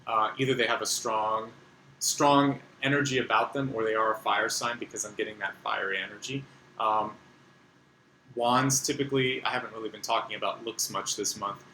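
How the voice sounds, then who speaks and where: Male tarot reader, relaxed and reassuring, slight room echo and faint hiss. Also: lowish voice. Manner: conversational, reassuring, many fillers. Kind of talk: unscripted monthly tarot reading.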